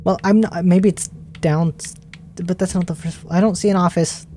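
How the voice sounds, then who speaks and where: A young woman giving let's play commentary as a gaming streamer, excitable, gasping and getting emotional as she plays. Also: on the low side, normal speed, a little hiss or hum. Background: faint game music.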